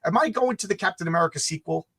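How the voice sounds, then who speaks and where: A man's voice: high voice, racing, husky. A man ranting and acting out quotes in a heated livestream conversation about comics. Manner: animated, ranting, acts out quotes. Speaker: comic creator and channel host.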